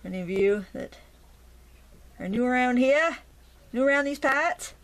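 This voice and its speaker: A woman's voice: high-pitched, lively intonation, measured pace. A middle-aged woman with a Maine accent teaching watercolor painting in a casual, chatty way, talking to herself as she works and making playful asides. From Maine, USA. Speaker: watercolor instructor.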